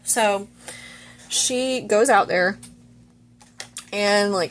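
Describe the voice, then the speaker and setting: A woman's voice: medium pitch, unhurried, pauses often. A young woman vlogger casually retelling a movie plot, chatty and full of fillers.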